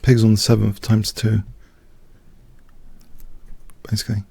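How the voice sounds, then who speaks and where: A man's voice: on the low side, monotone, a little slow, gravelly, warm tone, slightly rough. A man streaming live blitz chess, thinking aloud and muttering moves in short clipped phrases.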